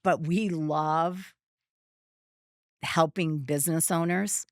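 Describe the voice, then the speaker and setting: A woman's voice: deep voice, fairly even intonation, slow pace, dry recording, clean studio sound. A middle-aged woman, a business founder talking casually as a guest, rambling with lots of fillers and restarts. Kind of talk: casual interview conversation.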